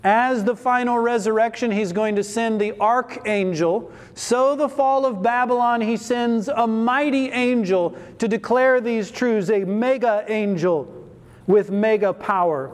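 A man with a high voice preaches slowly and deliberately, leaning hard on repeated words and posing questions that he answers himself. His voice rings out through a long hall reverb, as in a church sanctuary. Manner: emphatic, rhetorical questions answered aloud. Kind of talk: expository scripture sermon.

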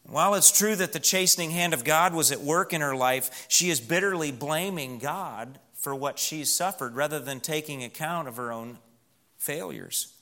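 Pastor, man, bright and slightly high voice, emphatic sermon delivery that sinks to a hush on key words, church setting. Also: moderate pace.

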